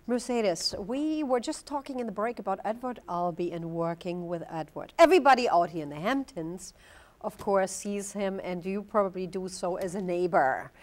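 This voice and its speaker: A woman's voice: medium pitch, expressive, moderate pace, a little mellow. A woman hosting a talk show, introducing a guest and asking questions in a formal, announcer-like way. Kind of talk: interview. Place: inn overlooking the ocean.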